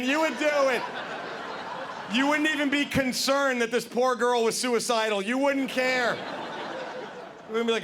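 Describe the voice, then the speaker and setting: A man's voice: extremely high pitch, moderate pace, pauses often. A man in his thirties doing a stand-up comedy set on stage, acting out scenes in silly voices with audience laughter behind him. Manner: animated, acts out scenes in silly put-on voices. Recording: live stage recording with clear room noise.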